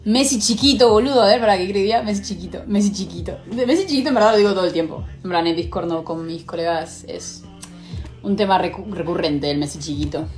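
A woman's voice: fairly low pitch, racing, a little mellow, soft background music. A young woman live-streaming, casually chatting and swearing as she answers viewer questions, switching between Spanish and English.

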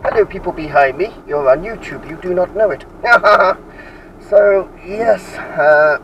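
A man's voice: high voice, a little slow, recorded from a distance, highs cut off. A man, chatting casually and jokily to camera while driving, rambling with plenty of fillers. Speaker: vlogger. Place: inside a moving car. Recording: loud road noise, mic away from the speaker. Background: car engine and road noise.

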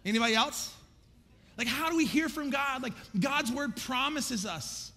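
Middle-aged male pastor, conversational self-deprecating preacher, high gravelly voice. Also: animated, normal speed, sharp tone. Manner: conversational, self-deprecating, acts out his own prayers. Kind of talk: sermon. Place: large church auditorium. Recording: echoey church hall reverb.

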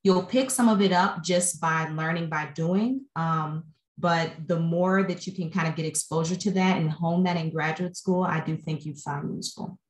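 Woman panelist on a video call, low voice in an echoey room, measured and concise. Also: steady tone. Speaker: panelist, economic officer. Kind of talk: panel answer.

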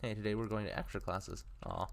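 A man's voice: lowish voice, steady tone, vocal fry, slight background noise. A man casually playing a game on video, reading its text aloud in a musing way and sometimes stammering. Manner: slow, musing, occasional stammers. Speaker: let's player.

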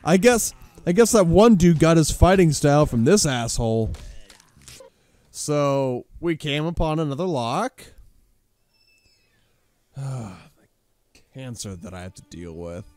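A man hosting a profane let's play commentary, sarcastic and swearing constantly, bursting into yells. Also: fairly high pitch, big pitch swings, normal speed, no room sound. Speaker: gaming channel host.

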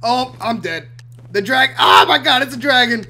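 A young man hosting a gaming channel, giving excited commentary over his play, swinging between loud outbursts and quiet mumbled asides. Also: extremely high pitch, moderate pace.

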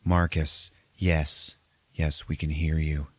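An eerie, calm little girl who answers flatly and quietly, as a man with a very low voice quotes her in passing. The sound is close and dry. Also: takes it slowly, dry recording, heavily acted.

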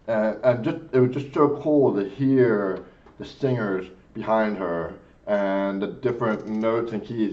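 A man's voice: medium pitch, lo-fi sound. Gushing, emotional man reacting. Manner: gushing, effusive, exclaims often. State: emotionally moved. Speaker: music reaction host. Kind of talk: video reaction commentary.

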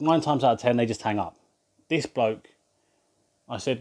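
A man telling a casual anecdote, animated, laughing often and swearing mildly. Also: mid-range voice, a little fast. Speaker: vlogger.

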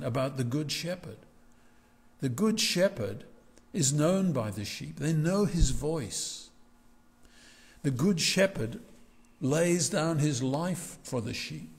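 A man's voice: mid-range voice, gravelly. A male pastor preaching a reflective sermon in a church, often restarting his phrases. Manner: reflective, with frequent restarts and gentle asides. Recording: long hall reverb.

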